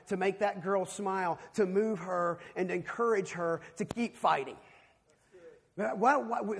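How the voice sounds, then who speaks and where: A man preaching a sermon, telling a personal story and swinging between hushed, quiet passages and loud, emphatic ones. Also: high-pitched, gravelly, slightly rough. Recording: long reverb of a large hall.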